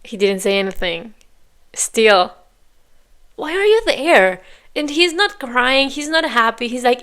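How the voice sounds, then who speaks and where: A woman's voice: on the high side, very animated, slow, pauses often, a bit bright. A woman hosting a reaction video, talking back at the screen in exasperated, casual commentary and sometimes dropping to a whisper.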